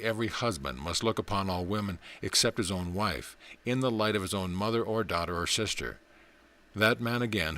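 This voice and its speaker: A man reading a spiritual text aloud as scripted narration, in a measured, deliberate way. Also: fairly low pitch, a bit bright. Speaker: audiobook reader.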